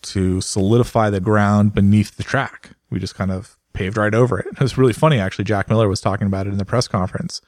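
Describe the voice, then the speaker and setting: Low-voiced man chatting racing. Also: fast, few pauses, no echo, studio quality. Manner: rambling, animated storytelling with fillers. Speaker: motorsport journalist and photographer. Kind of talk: casual podcast chat.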